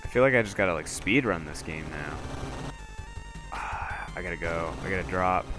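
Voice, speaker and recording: A man streaming a video game live, excitably talking himself through boss fights and swearing often. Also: low-pitched, moderate pace, over music. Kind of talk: live gameplay commentary.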